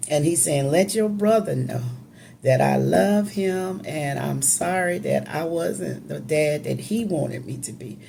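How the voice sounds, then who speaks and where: A woman's voice: low voice, a little slow, vocal fry, warm tone, a little hiss or hum. A woman telling an emotional personal story in a casual, conversational, emphatic way.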